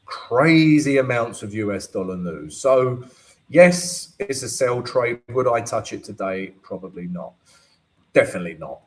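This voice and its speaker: A man's voice: medium pitch, low-quality recording. A man hosting a live trading stream, explaining charts casually and often checking in with "right?" and "you know". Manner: unhurried, keeps asking "right?" and "you know". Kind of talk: live market analysis and Q&A.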